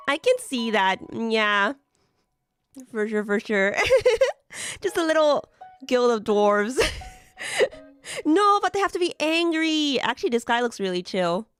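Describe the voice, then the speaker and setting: A young adult woman streamer, a bit hoarse from being sick, chatting with viewers while building models, giggly and full of filler words. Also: fairly high pitch, sing-song, slow, pauses often, fairly bright tone, no room sound, soft background music.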